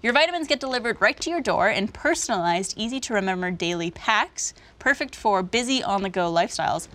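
A young woman hosting a podcast in easy, chatty conversation with friends. She sounds upbeat and quick to giggle, and moves between banter and sponsor reads at a middling pitch. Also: animated, a bit bright. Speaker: podcast host. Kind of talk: casual chat with ad reads.

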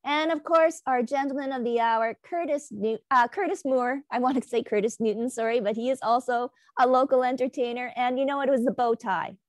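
A woman's voice: high-pitched, fairly even intonation, fairly quick, hardly any pauses, no room sound, clean studio sound. A woman hosting a casual video call chat, chatty and upbeat, laughing easily as she greets her guests. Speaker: host.

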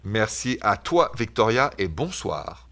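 Low-voiced man with a French accent. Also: sing-song, a little slow, creaky, bright, forceful tone. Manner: earnest, reassuring, speaks in short coaching phrases. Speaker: radio relationship advice host. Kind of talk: call-in radio advice.

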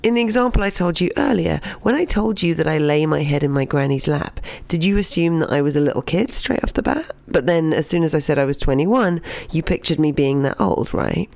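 A young adult narrating a personal anecdote and then teaching its lesson. The voice has a gravelly fry and an expressive delivery that often sinks into a soft whisper. It is recorded close and dry, with no room sound. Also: mid-range voice, fairly quick, hardly any pauses, dry recording. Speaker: storytelling teacher. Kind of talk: told personal story and lesson.

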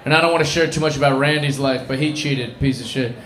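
A man's voice: mid-range voice, quick pace, a bit bright. A man telling a dive-bar story in casual chat, swearing and laughing at himself. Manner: swearing, self-mocking, laughing. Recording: roomy echo with crowd noise.

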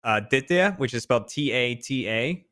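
Guy on a podcast talking about family names, kinda halting, bright tone. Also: medium pitch, animated, dry recording, studio quality. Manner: explains carefully, hesitant with fillers. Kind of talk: casual chat.

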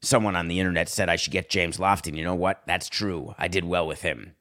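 A man doing a low, hushed impression of an entitled star quarterback reeling off smug demands. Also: a little fast, no room sound, studio quality.

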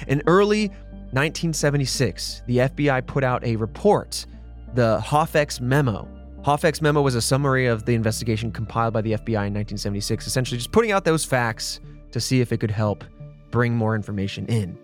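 Male podcast host, casual true-crime storyteller, mid-pitched, plays out quotes. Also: animated, fairly quick, soft background music. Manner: conversational storyteller, acts out quotes.

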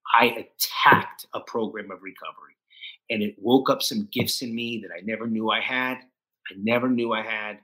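A man's voice: mid-range voice, pushed and bright, rough recording. A middle-aged man, a podcast guest, telling his story candidly, with frequent restarts and acted-out quotes of other people. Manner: emotional, restarts often, acts out quoted voices.

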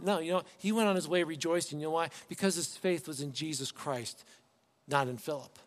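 A man's voice: a little high, a little fast, long reverb tail. A male pastor preaching a sermon in a conversational, storytelling way, often asking the congregation rhetorical questions. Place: church sanctuary.

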